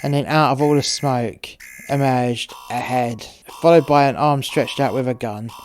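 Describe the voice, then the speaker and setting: A man's voice: mid-range voice, moderate pace, slight background noise, lightly acted. A man playing a cynical cartel courier who narrates in the first person, in a sweary, sardonic way. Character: cynical, foul-mouthed male cartel courier.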